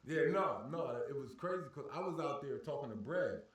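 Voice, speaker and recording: A man telling a profane story at an animated pace, acting out shouted arguments with plenty of cursing. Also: fairly high pitch, normal speed. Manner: heated, cursing, acts out shouted exchanges. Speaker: podcast guest telling a story. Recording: roomy echo, far from the mic.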